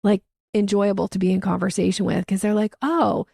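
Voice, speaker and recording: A woman sales coach answering interview questions in an animated way, acting out the speech she quotes. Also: medium pitch, fast, gravelly, no echo, clean studio sound.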